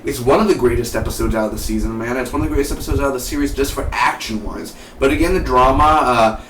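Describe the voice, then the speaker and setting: A man's voice: medium pitch, fast talker, fairly bright tone. A man casually reviewing a TV episode, rambling and enthusiastic, with lots of fillers and "dude" and "man". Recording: roomy echo from far off the mic, light hiss.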